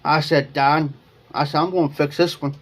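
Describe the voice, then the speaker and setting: Man, livestream host, rambling storyteller, slightly high voice, keeps repeating himself. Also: fairly even intonation, moderate pace, fairly bright tone. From Ohio. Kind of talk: casual storytelling to viewers.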